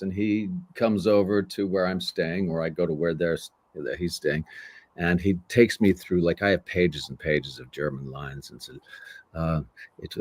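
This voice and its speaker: Deep-voiced older man telling stories. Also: no echo. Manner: animated storyteller who acts out voices. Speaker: voice actor guest. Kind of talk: casual interview storytelling.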